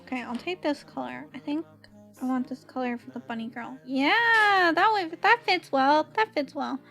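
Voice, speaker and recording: A woman's voice: high voice, moderate pace, vocal fry, pushed and bright, faint music behind. A young woman with a Valley girl accent, chatting casually on stream while drawing, giggly and full of "like" fillers.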